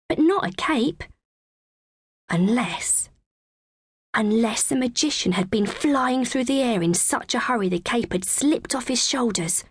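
A woman narrating a children's audiobook in the first person with a clear, expressive, measured reading. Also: mid-range voice, dry recording.

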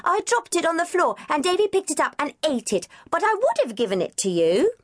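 A woman voicing an excitable five-year-old girl who shouts in a high, eager voice. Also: a little fast. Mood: sulky.

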